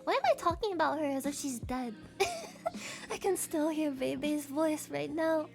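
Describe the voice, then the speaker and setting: A woman's voice: high voice, expressive, measured pace, gravelly, faint music behind. A woman streamer chatting casually to her live audience, giggling often, rambling and swearing freely.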